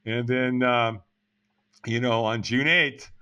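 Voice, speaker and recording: A man's voice: mid-range voice, steady tone, takes it slowly, sharp tone, clean tone, lo-fi sound. A man in his sixties telling his life story as a podcast guest, frank and blunt with casual swearing. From United States. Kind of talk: candid personal storytelling.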